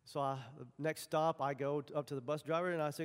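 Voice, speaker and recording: A man's voice: a little high, steady tone, brisk, hardly any pauses. A man preaching a sermon, telling folksy personal stories and acting out the dialogue. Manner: folksy storytelling, acts out dialogue. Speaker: pastor. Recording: long hall reverb.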